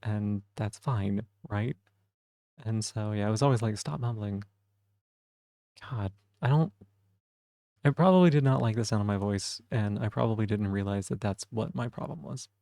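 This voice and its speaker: A man streaming live in casual chat, soft-spoken and rambling as he reads the chat aloud. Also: fairly low pitch, fairly quick, creaky, no echo, studio quality.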